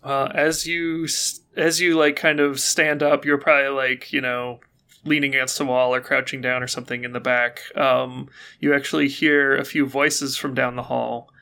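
Gravelly bright-voiced man running a game. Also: mid-range voice, moderate pace. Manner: relaxed, hesitant with many fillers. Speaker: game master. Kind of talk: narrating a tabletop game.

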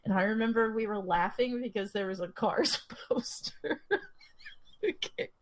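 A woman's voice: medium pitch, a little slow. A young woman co-hosting a podcast, telling stories in a rambling way, swearing freely and laughing often. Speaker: podcast co-host. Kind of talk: casual chat.

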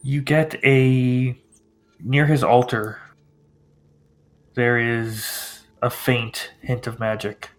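A man narrating a tabletop game as game master, in a halting, descriptive way. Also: medium pitch, level tone.

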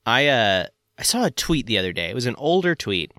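A man's voice: medium pitch, sing-song, fairly quick, pushed and bright, no echo, clean studio sound. A man from northern Florida with a Southern accent, hosting a podcast in casual, joking chat full of fillers. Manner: rambling, joking, many fillers. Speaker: podcast host.

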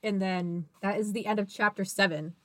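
A woman's voice: medium pitch, fairly even intonation, normal speed, dry recording. A woman co-hosting a casual book podcast over a video call, recapping chapters and laughing often. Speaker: podcast co-host.

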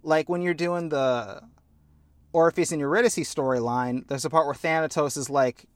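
A man talking through a video game on a podcast with heartfelt, animated earnestness. His voice sits a little high for a man. The sound is dry and close, with no room echo. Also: normal speed. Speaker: podcast co-host. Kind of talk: casual chat about a video game.

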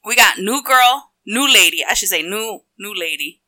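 A woman's voice: mid-range voice, expressive, normal speed, sharp tone. A woman telling an exasperated, profane story in casual chat as a podcast co-host.

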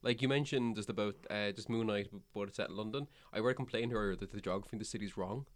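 A man's voice: lowish voice, quick pace. A man with a Cork Irish accent, chatting casually as a podcast co-host and rambling through many fillers and restarts. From Ireland. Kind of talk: casual chat.

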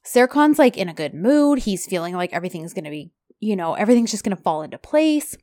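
A woman in casual conversation, retelling a show's scenes in a chatty, animated flow full of fillers. Her voice sits at an ordinary middle pitch. The sound is close and dry, with no room around it. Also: fast talker, dry recording. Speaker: podcast co-host recapping a TV series. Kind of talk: casual chat.

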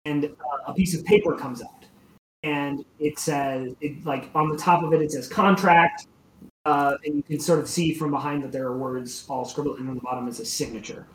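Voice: mid-range voice, fairly even intonation, moderate pace, echoey room, noisy background. A game master narrating a tabletop game in a loose, rambling way, with many fillers.

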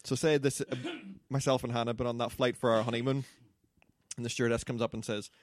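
A man's voice: medium pitch, flat delivery, quick pace, no room sound, clean studio sound. A man, asking curious questions in casual podcast chat.

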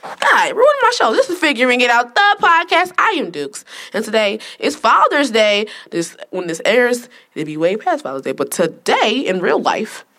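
A woman's voice: fairly high pitch, big pitch swings, moderate pace, fairly bright tone. A young woman hosting a casual podcast, teasing and laughing through the banter. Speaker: podcast host. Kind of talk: casual chat.

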